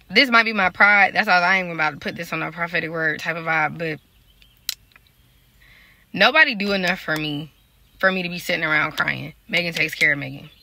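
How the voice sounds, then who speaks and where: A prophetic dreamer and life coach talks casually to her viewers about faith and relationships in a spiritual vlog. Her voice is lowish, creaky, bright and forceful, and she speaks loosely and conversationally, addressing the audience directly.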